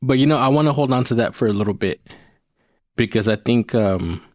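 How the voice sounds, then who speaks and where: A man co-hosting a podcast, speaking gently and encouragingly and laughing easily as he reflects. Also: mid-range voice, a little fast, no room sound, clean studio sound. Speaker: co-host.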